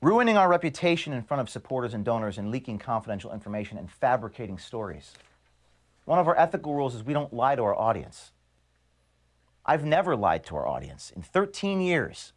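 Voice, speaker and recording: A man, the founder of an organization, reading an earnest, measured video statement to his staff from his office. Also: mid-range voice, very animated. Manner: earnest, measured, grievance-laden. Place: office at headquarters.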